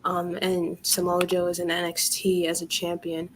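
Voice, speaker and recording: A woman co-hosting a wrestling review show in casual chat, telling stories in a lively way and laughing often. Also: on the low side, slight background noise. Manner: lively, laughing, quick storyteller.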